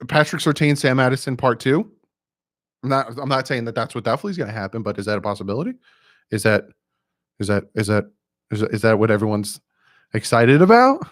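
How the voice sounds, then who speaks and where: A man hosting a sports fan live stream in an average-pitched voice, keyed up and talking in bursts. He repeats his points and reads chat messages out loud. The sound is close and dry, with no room echo. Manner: excitable, fast-talking, repeats himself, reads chat aloud.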